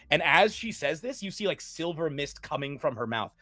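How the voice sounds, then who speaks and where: A man narrating a tabletop game as game master, in a casual, animated way. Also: a little high, normal speed, few pauses, no room sound, soft background music.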